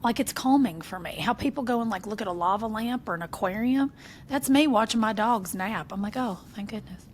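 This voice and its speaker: A woman, co-hosting a casual podcast chat, animated and acting out quotes with frequent laughs. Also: fairly high pitch, brisk, a little hiss or hum. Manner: animated storyteller, acts out quotes, laughs often. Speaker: podcast co-host.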